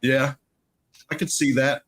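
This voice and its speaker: A man's voice: mid-range voice, little pitch movement, measured pace, a bit bright, breathy edge. A man co-hosting a casual soccer fan podcast, laid-back, laughing often and swearing casually. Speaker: podcast co-host. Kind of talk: casual chat.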